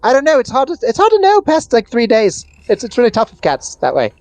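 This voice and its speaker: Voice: medium pitch, wildly swooping pitch, a little fast, darkish tone, voice pushed up. A game master voicing a ditzy, scatterbrained male cat who rambles. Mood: gushing. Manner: rambling, airheaded.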